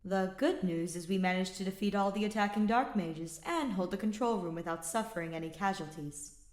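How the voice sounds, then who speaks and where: A woman voicing a languid young male scholar who speaks in a dry, unhurried way in a read-aloud story. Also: medium pitch, a little mellow, reverberant, close to an everyday voice.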